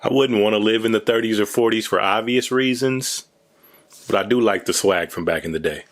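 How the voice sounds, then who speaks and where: A man's voice: lowish voice, brisk. A man hosting a movie reaction video, chatting casually with slang and frequent laughs. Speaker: host.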